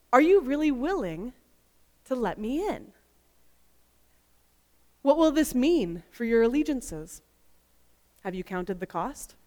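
A woman giving an expressive, emphatic Bible teaching full of rhetorical questions. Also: a little high. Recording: long reverb.

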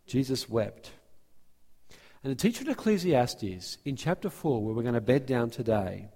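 Male pastor, mid-pitched, earnest sermon delivery with frequent restarts, long church-hall reverb. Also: warm tone. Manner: earnest, restarts phrases, speeds up and slows down. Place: church sanctuary.

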